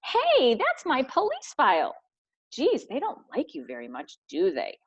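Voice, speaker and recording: A woman's voice: lowish voice, wildly swooping pitch, moderate pace, dark tone, slightly rough, heavily acted. A woman voicing a grumpy, suspicious male snake with a sarcastic edge. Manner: sour and sarcastic. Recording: dull lo-fi recording.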